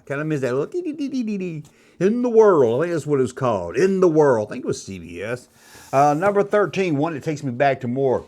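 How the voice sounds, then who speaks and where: A man in his fifties with a mid-range, slightly mellow voice hosts a YouTube video. He rambles in a casual, chatty way, reminiscing about the past.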